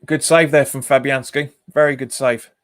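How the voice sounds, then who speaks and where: A man hosting a fan channel's live football watch-along reacts to the match and reads viewers' comments aloud, answering each and often laughing. His mid-range voice is steady and fairly bright at a moderate pace, with studio-quality audio and no room sound.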